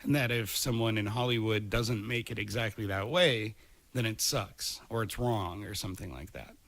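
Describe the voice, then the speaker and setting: A man's voice: lowish voice, normal speed, a bit bright, no echo. A man hosting a podcast in casual chat, rambling and opinionated. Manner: rambling, opinionated, laughs easily. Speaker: podcast host.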